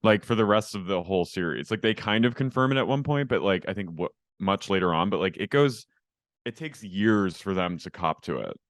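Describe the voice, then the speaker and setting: A man's voice: deep voice, expressive, a little fast, no echo, studio quality. A man co-hosting a podcast in casual chat, talking loosely with lots of fillers. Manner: chatty, hedging with many fillers. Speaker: podcast co-host.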